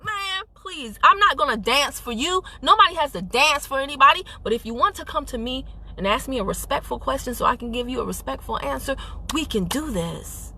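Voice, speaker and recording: A woman's voice: sits high, expressive, brisk, bright, forceful tone. A woman giving an emphatic, sassy motivational talk on a live stream, speaking into a phone while driving her car. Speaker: network marketing team leader.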